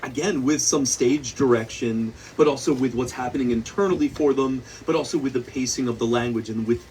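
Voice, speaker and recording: A man, a novelist, talking loosely at a bookstore event, full of "like" and quick laughs. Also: medium pitch, a little mellow. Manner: rambling, heavy use of "like", laughs often. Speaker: novelist guest. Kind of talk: casual conversation at a book event. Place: bookstore event before an audience. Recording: distant mic with faint noise.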